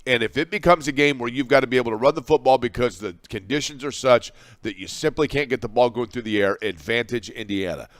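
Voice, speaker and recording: A man's voice: medium pitch, fast, no echo. A man co-hosting a sports talk show, making his points emphatically and repeating them for effect. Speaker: sports radio co-host.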